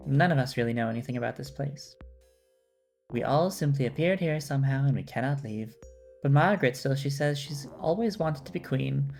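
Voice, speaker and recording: A man's voice: mid-range voice, expressive, fairly quick, gravelly, darkish tone, soft background music. A man voicing a polite, formal female ghost who serves a castle. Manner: formal and courteous.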